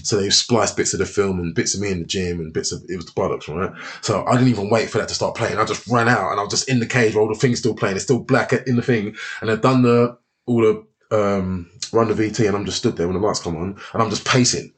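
Low-voiced, sweary man telling fight stories. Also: quick pace. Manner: sweary, laughing, animated storyteller. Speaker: MMA fighter guest. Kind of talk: casual storytelling chat.

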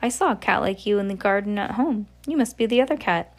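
A woman's voice: mid-range voice, animated, quick pace. A woman reading aloud, voicing a polite, curious young girl with an earnest, pleading manner. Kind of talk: storybook read-aloud.

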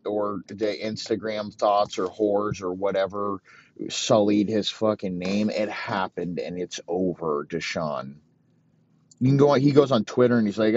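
A man's voice: lowish voice, a little mellow, highs cut off. A man giving a rambling, crude comedic rant, swearing constantly.

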